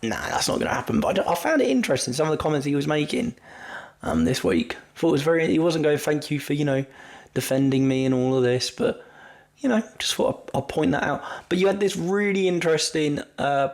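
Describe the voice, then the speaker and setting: A man's voice: on the high side, sing-song, brisk, vocal fry. A man hosting a podcast, chatting casually and rambling through a wrestling recap, often stumbling over his words and poking fun at himself. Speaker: podcast host.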